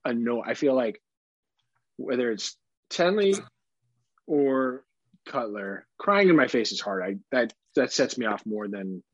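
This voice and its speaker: Husky-voiced dad swearing casually. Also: male voice, medium pitch, measured pace, long pauses, dry recording, muffled recording. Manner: candid, swears freely, animated impressions. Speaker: podcast co-host. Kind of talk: casual chat.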